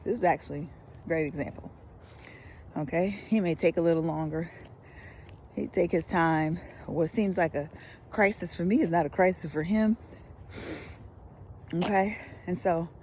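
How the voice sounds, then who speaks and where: Animated woman preacher, gravelly low voice. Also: a little hiss or hum. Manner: animated, swings from loud emphasis to whispers. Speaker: pastor. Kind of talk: lively devotional teaching.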